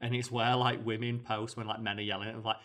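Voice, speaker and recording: A man's voice: medium pitch, flat delivery, quick pace, a bit bright. A man, co-hosting a podcast, telling a story animatedly with quoted voices. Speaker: podcast co-host. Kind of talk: casual chat.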